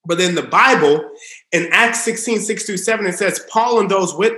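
High bright-voiced preacher man. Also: moderate pace. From Southern US. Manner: earnest, drops to a hush for emphasis. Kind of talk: sermon-style teaching. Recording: roomy echo.

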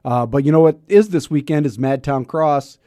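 Middle-aged male talk radio host, warm low-key tone, rambling and self-deprecating. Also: moderate pace, no room sound, studio quality. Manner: chatty, self-mocking, rambling with restarts. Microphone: studio mic.

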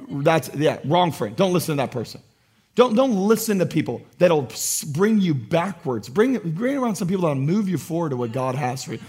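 Male pastor, high voice, passionate sermon delivery that moves from loud to hushed. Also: very animated, normal speed, breathy edge.

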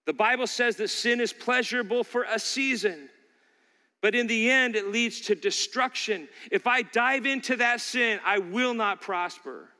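A pastor delivers a sermon in a high, bright voice that carries through a long hall reverb. He voices the devil's tempting lies and then fires back at them, swinging from forceful declarations to quiet asides. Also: measured pace. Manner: preaching with rising intensity, acting out Satan's lies.

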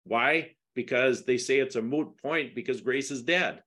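This podcast guest, a middle-aged man, recounts a lawsuit during a laid-back interview. His mid-range voice is unhurried and a bit bright, and his tone turns emphatic, then indignant as he poses questions.

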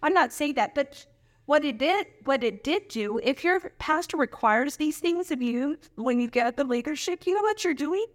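A woman speaking at a women's church conference, preaching with humor, laughing often and jumping into high mocking voices. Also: animated, moderate pace, no echo.

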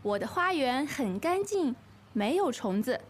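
A woman's voice: high-pitched, big pitch swings, a little slow, heavily acted. A woman reading the part of a cheerful woman who proudly keeps a tidy flower garden, in a scripted lesson dialogue. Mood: breezy.

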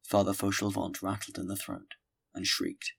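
A man reading a classic novel aloud as an audiobook, measured and steady. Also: deep voice, creaky, slightly rough. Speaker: audiobook narrator. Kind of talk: scripted audiobook narration.

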